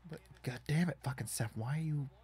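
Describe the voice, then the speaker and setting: A man's voice: on the high side, a little fast, darkish tone, breathy edge. A man casually commenting on a wrestling video game as he plays, rambling and swearing in frustration at it. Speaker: gaming YouTuber.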